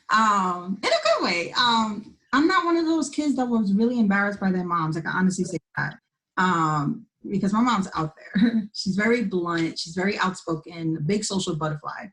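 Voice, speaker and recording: A woman's voice: medium pitch, lively intonation, moderate pace, fairly bright tone, low-quality recording. A woman in her twenties from New York, talking candidly in a casual panel chat and laughing easily.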